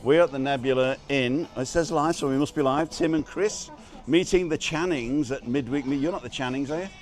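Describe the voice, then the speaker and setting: A man's voice: medium pitch, fairly quick. A man hosting a casual live stream outside an inn, joking and greeting viewers by name. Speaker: livestream host.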